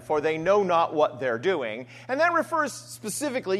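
A man's voice: a little high, fairly bright tone. A man preaching a sermon in a conversational way, often adding "right?" and restarting his phrases. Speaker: pastor.

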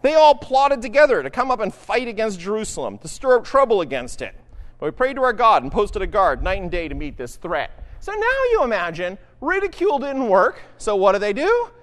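A man's voice: high voice, sing-song, fairly quick, big-room sound. A man preaching a sermon in a casual, conversational way, often checking in with "right?". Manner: conversational, keeps asking "right?". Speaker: pastor.

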